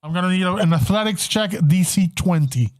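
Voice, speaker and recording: A man with a fairly high voice narrating a tabletop game as game master. He describes the scene in a loose way and often breaks into laughter. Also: animated, brisk.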